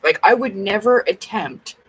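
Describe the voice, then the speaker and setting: A woman's voice: mid-range voice, lively intonation, normal speed, husky, low-quality recording. A woman chatting casually to camera at home, blunt and rambling, with plenty of swearing. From Canada. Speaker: vlogger.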